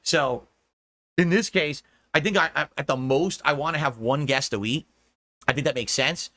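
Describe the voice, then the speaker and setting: An American man talks to his stream audience in a rambling, casual way, laughing and swearing as he goes. His voice is bright and pushed forward, sitting a little high, and it sounds dry and close. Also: normal speed, dry recording. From United States.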